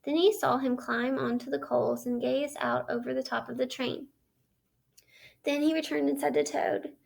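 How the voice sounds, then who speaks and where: A woman teacher reads a story aloud in a measured way and stops to ask the listener questions. Her voice sits high for a woman and carries a strong gravelly fry. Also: steady tone. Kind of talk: read-aloud lesson narration.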